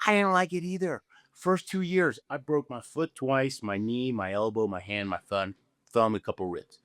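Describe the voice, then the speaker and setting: Older guy from argentina, animated storyteller, does the voices, dry close mic. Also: medium pitch, normal speed, smooth, dry recording. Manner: animated storyteller, acts out dialogue, frequent "okay?" tag questions. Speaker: guest, Olympic luge athlete. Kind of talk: storytelling interview answer.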